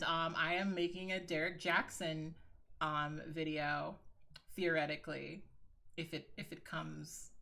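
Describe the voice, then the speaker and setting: Woman livestreamer, lowish bright tone, frank chatty delivery, swears freely, addresses viewers as girl. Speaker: livestreaming video creator. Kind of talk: casual livestream chat.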